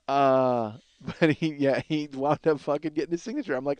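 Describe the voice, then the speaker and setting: A man's voice: on the high side, fairly quick, darkish tone, no echo. A man telling a rambling, profane story as a podcast host, acting out what others said. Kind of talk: casual storytelling monologue.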